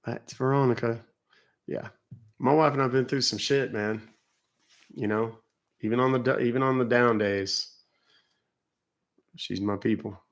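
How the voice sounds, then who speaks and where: Gravelly man chatting on a stream. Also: mid-range voice, fairly even intonation, measured pace, long pauses. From Texas. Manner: profane, joking, rambling. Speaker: live-stream host. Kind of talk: casual live-stream chat.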